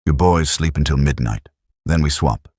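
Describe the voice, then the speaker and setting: A man's voice: a bass voice, moderate pace, a little mellow, slightly rough, no room sound, clean studio sound. A man voicing a blunt Welsh sergeant. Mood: brisk. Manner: blunt and practical. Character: brisk Welsh platoon sergeant, practical.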